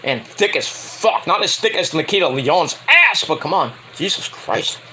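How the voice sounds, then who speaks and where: A man giving a rambling, casual spoken review of a wrestling show, excitable and swearing freely. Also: on the high side, unhurried, slight background noise, low-quality recording.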